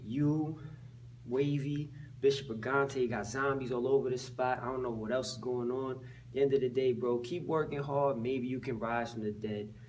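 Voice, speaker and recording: A man's voice: mid-range voice, fairly even intonation, normal speed, darkish tone, far from the mic, slight background noise. A young man hosting an improvised comedy sketch, teasing the other characters in casual slang. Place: indoor room at home.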